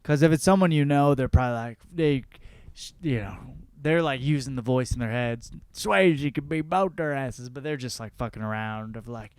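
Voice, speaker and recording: A man in his thirties hosts a podcast in a brisk, smooth, darkish mid-range voice with no room sound. In a casual comedic monologue, he works through listener comments loosely and profanely, rambling and laughing at his own jokes.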